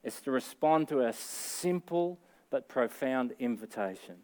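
A man's voice: mid-range voice, animated, a little slow, darkish tone. A middle-aged man with an Australian accent, preaching a sermon in an earnest, conversational way that rises to emphatic peaks. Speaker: pastor.

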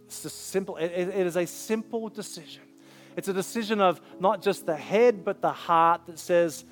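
Earnest pastor with a high voice. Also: male voice. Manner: earnest, pleading, with soft drawn-out pauses. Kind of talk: sermon altar call and prayer. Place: church sanctuary.

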